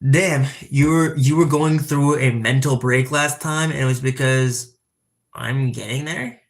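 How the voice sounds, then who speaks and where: A man's voice: mid-range voice, fairly even intonation, unhurried, gravelly. A young man chatting casually on a live stream, reading chat aloud and acting out animals.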